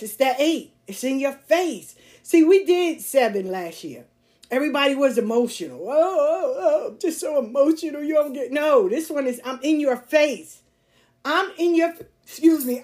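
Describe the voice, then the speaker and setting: This is a woman with a higher, slightly mellow voice, hosting a podcast in a casual monologue. She talks bluntly and with emphasis, repeats her points, and laughs a lot.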